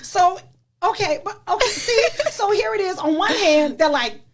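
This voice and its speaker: A woman's voice: extremely high pitch, normal speed, background noise. A middle-aged woman hosting a podcast, talking frankly and candidly about being a mother, laughing often and leaning on fillers like "you know.". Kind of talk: candid casual chat.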